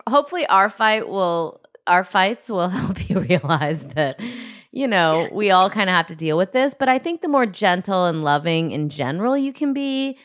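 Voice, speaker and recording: Gentle lower-voiced woman co-host. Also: animated, normal speed. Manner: gentle, laughs easily. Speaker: podcast co-host. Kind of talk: casual advice chat.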